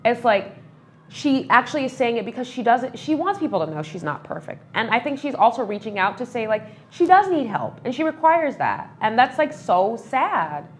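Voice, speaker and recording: A woman's voice: a little high, sing-song, moderate pace. Heartfelt chatty woman news host. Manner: heartfelt, chatty, many fillers. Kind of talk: casual news commentary.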